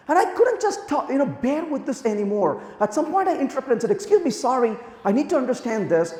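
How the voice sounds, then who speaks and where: Man, conference speaker, lively swooping delivery, storytelling, roomy hall reverb. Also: extremely high pitch, a little fast. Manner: animated storytelling, acts out quoted dialogue. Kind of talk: conference talk with anecdotes. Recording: echoey hall, long reverb.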